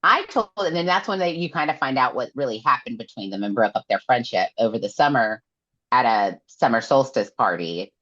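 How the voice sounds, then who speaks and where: Briskly, a female podcast co-host with a bass voice chats through a novel's plot, bringing characters' quotes to life with animated delivery. Her audio comes across dull and lo-fi.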